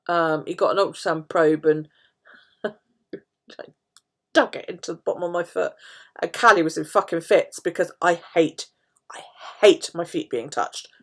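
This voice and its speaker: Chatty, foul-mouthed woman. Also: on the low side. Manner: chatty, swears freely, storytelling. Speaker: live streamer. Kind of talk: casual chat while journaling.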